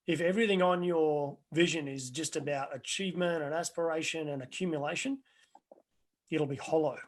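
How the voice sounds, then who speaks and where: A middle-aged life coach with a fairly high voice answers webinar questions at a moderate pace. He's earnest and rambling, often restarting sentences and drifting into anecdotes.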